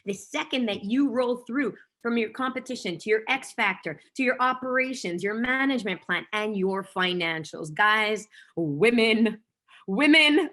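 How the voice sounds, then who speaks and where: Woman, business coach, motivational talk, energetic, emphatic, repetitive. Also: medium pitch. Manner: energetic, emphatic, repeats key phrases.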